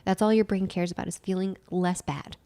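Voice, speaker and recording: A woman's voice: lowish voice, steady tone, a little fast, dark tone, no echo. A woman co-hosting a podcast, explaining ideas step by step in casual chat and repeating key phrases for emphasis. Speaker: podcast co-host and nutritional therapist.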